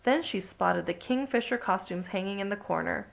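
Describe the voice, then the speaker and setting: A woman reading a children's picture book aloud, even and expressive from line to line. Her voice carries a noticeable gravelly fry, set at a middle pitch for a woman. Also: normal speed. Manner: steady, expressive storytelling. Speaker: storybook reader.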